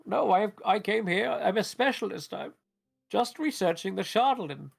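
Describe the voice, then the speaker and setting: A man's voice: high voice, animated, moderate pace, vocal fry, pitched above the performer's own voice, heavily acted. A man voicing a frightened old male wizard who stammers and pleads. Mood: flustered.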